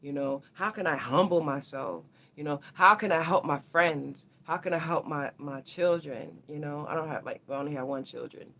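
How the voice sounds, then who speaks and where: Woman, livestream astrology host, casual and rambling, gravelly with a sharp brightness. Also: sits low, normal speed, few pauses. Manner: slangy, rambling, talks straight to viewers.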